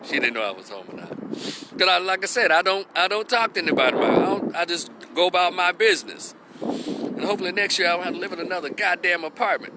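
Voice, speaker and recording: A man telling a story on his YouTube channel in a rambling, profane, animated way. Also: high voice, fast talker, heavy background noise. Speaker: YouTube creator. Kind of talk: storytime vlog.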